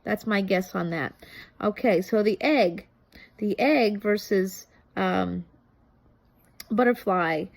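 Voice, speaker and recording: A woman's voice: medium pitch, takes it slowly, gravelly, pauses often. A woman in her thirties chatting casually as a vlogger reviewing a TV show, rambling with many ums and restarts. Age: 30s. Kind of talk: casual chat.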